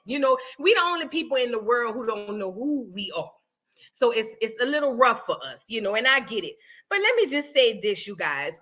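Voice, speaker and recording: A woman's voice: on the high side, sharp tone. A woman hosting a casual reaction livestream, rambling and talking straight to her viewers. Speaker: livestream host.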